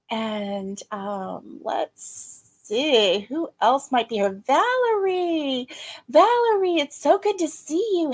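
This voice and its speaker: A chatty middle-aged livestream host who laughs quickly and greets her viewers by name keeps things casual. Her voice is a little high, with some strain in her throat.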